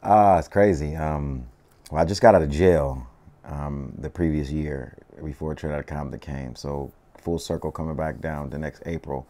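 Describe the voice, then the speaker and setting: Speaking at a normal speed in a bass voice, this rapper in his thirties is a guest on a casual interview. He has a Southern Californian accent and tells his stories in a laid-back, slangy style, often saying "you know what I mean."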